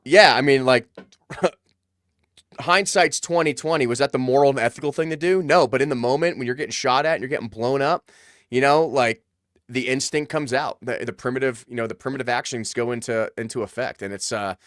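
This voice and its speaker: A man hosts a podcast and talks quickly in a mid-range voice. He thinks out loud with frequent restarts. The sound is dry and close, with no room in it. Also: medium pitch, dry recording. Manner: fast, restarting, reflective. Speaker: podcast host. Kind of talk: casual interview chat.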